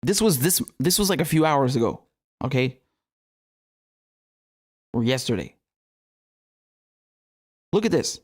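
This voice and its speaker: A man's voice: mid-range voice, expressive, a little slow, long pauses, breathy edge. A young man hosting a political commentary show, talking casually with heated, profane, sarcastic outbursts and laughing asides.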